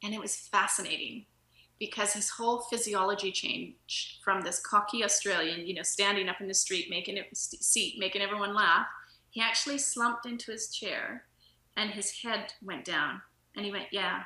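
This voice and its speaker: A woman's voice: mid-range voice, normal speed, bright, forceful tone. A woman guest on a podcast, a nutritionist speaking casually and telling stories with plenty of laughter. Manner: storytelling, laughs often, acts out quoted dialogue. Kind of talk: casual interview storytelling. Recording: roomy echo.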